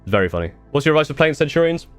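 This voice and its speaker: Soft music plays behind a young British man whose slightly high voice swings widely in pitch as he races along. Chatting on a live stream, he rambles through viewer questions with restarts and the occasional swear word.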